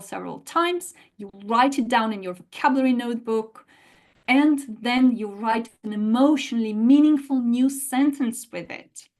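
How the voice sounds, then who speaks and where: A woman teaching an online language lesson, explaining in a lively way and often rephrasing and repeating her points. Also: a little high.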